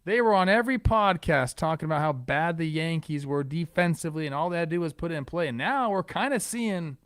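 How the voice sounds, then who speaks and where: Male podcast co-host, slightly high voice, lively and teasing, dry close sound. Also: brisk, smooth, no echo. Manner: animated, joking, teasing. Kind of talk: casual sports chat.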